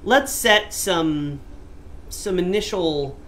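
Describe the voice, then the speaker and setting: A man with a high voice co-hosts a casual gaming podcast, joking and teasing as he draws out words for emphasis. His intonation is lively and his pace extremely slow, with a bit of brightness and a little hiss or hum behind him.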